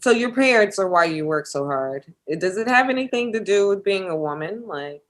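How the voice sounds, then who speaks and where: A woman's voice: medium pitch, lively intonation, brisk. A woman hosting a podcast, asking easygoing follow-up questions to her guest. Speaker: podcast host. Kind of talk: casual podcast interview.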